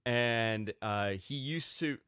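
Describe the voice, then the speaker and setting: A man's voice: mid-range voice, takes it slowly, fairly bright tone, clean tone, no room sound, studio quality. A man guesting on a podcast, self-deprecating and rambling, laughing easily. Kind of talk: casual podcast banter.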